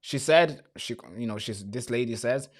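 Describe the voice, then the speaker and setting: A man's voice: mid-range voice, moderate pace. Blunt, swearing live-stream host man. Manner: blunt, swears freely, talks straight to viewers; repeats himself and restarts phrases.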